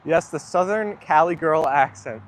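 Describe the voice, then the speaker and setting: Against a noisy background, a young livestream host speaks in a high-ish voice at a moderate pace. He keeps up easygoing chatter, answers viewer comments as they come in and tends to agree with them.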